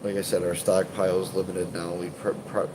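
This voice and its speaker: A stuffed-up man talks loosely to his live-stream viewers, full of "uh"s, restarts and casual swearing. His voice sits on the low side. A constant hum of air conditioning runs clearly under him. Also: level tone, fairly quick. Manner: rambling, hesitant, many fillers and restarts, swears casually. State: congested, stuffed up. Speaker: urban exploration channel host.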